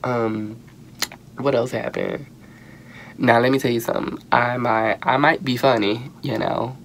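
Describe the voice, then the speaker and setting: A young man giving casual, sassy and profane commentary on a reality show, animated and quick to exclaim. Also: medium pitch, a little hiss or hum. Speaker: reality TV reviewer.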